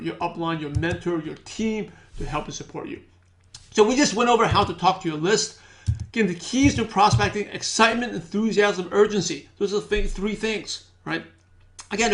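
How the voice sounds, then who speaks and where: A man teaching a sales training, energetic, repeating key points and acting out sample phone calls. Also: high-pitched. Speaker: business trainer.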